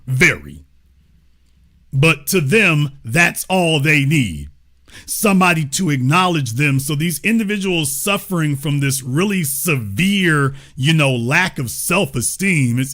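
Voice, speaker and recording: A man's voice: on the high side, fairly bright tone. Sarcastic man hosting a livestream. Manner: mocking, sarcastic. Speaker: show host. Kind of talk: livestream political commentary.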